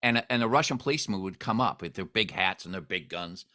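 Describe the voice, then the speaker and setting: A man hosting an interview, telling a story with expressive swings in pitch and volume. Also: fast talker. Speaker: host.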